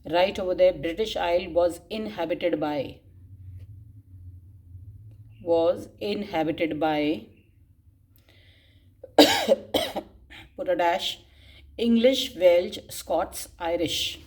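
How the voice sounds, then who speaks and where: A woman's voice: on the low side, takes it slowly, a little mellow. A woman teacher dictating class notes, spelling words out and repeating phrases, with frequent coughs. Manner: frequent coughs and throat clearing.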